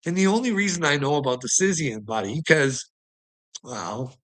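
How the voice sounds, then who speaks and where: A man in a ranting monologue, with a somewhat high voice. His delivery is bright and forceful, mocking and heavy with swearing. He laughs between his jabs. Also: sing-song, normal speed, rough recording. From Canada.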